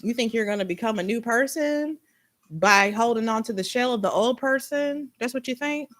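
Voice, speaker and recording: A young adult woman giving a casual spiritual tarot reading, blunt and animated, swearing freely as she talks. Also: on the high side, normal speed, rough recording. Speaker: tarot reader.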